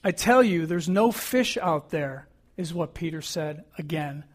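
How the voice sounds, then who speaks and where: A man's voice: on the high side, expressive, a little slow. A middle-aged man preaching a sermon as pastor, earnest and emphatic, repeating key phrases.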